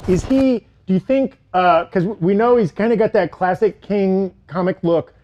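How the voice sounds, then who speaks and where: A man hosting a casual panel chat who talks in a lively way and reads out viewer comments and poll results. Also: high-pitched, moderate pace, slight background noise. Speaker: show host.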